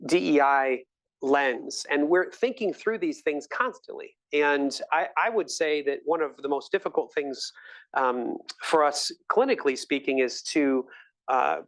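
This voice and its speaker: A middle-aged man, a physician, answering audience questions at a live lecture with enthusiastic, storytelling energy. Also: a little high. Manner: enthusiastic, warm storytelling with laughs. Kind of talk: live grand rounds Q&A.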